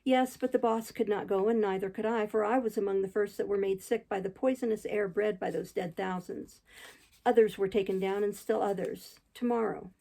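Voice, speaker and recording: Woman, audiobook narration, gravelly, mellow, measured. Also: medium pitch, fairly even intonation, poor audio. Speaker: audiobook reader.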